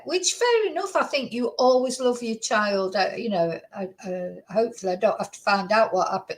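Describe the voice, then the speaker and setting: A woman hosting a true crime channel, talking casually and reacting in an animated, incredulous way, often repeating herself. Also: medium pitch, rough recording. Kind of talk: reacting to played clips, casual commentary.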